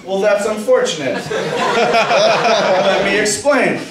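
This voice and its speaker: A man's voice: high voice, takes it slowly, over a noisy crowd, heavy background noise. A young man doing a crude, rambling stand-up set on a small club stage, often interrupting himself. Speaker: stand-up comedian. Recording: echoey club room, distant mic.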